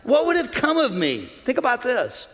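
A middle-aged man preaching a sermon as pastor, animated, swinging between loud exhortation and low, confiding asides. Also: moderate pace. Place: large church auditorium. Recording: long hall reverb.

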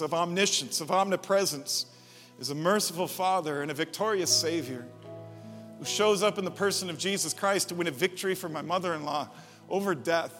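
High-voiced male pastor preaching in a hall. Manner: builds from quiet to loud emphatic preaching. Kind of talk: sermon.

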